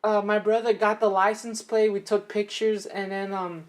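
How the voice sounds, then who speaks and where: A woman's voice: mid-range voice, little pitch movement, normal speed. A young woman co-hosting a podcast, telling a story in a casual chat, rambling with many fillers and laughing now and then. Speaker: podcast co-host.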